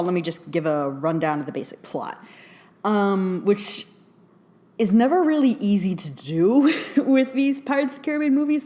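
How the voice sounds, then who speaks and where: Chatty, excitable woman film reviewer. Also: fairly low pitch. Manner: chatty and excitable, laughs often, many fillers. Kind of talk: casual spoken film review.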